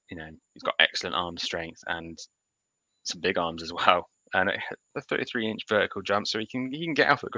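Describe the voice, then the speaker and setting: A man's voice: low-pitched, pushed and bright, dry recording, poor audio. A man co-hosting a podcast, talking casually and animatedly about football picks, often restarting his sentences. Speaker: podcast co-host. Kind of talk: casual sports chat.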